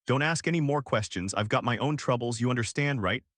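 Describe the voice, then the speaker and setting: A man voicing an arrogant, boastful male adventurer from a storybook-style recap who talks in a smug, booming way. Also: a little fast, fairly bright tone, no room sound, studio quality, close to an everyday voice. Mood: smug bragging. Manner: smug, booming, self-important.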